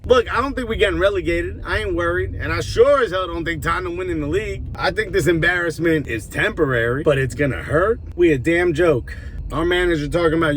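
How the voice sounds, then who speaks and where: A man's voice: high voice, moderate pace. A man joking and ranting about his football club while driving through city traffic, filming on his phone. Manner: animated, joking, profane, slangy. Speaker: football fan vlogger. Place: inside a car in city traffic. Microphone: phone camera in a moving car. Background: car sounds.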